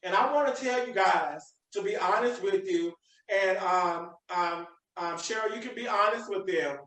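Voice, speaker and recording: A podcast host with a high, bright voice preaches a motivational message with emphasis on a live video podcast. Recorded from a distance, he sits well back from the mic, his words ringing around an echoey room at a normal speed.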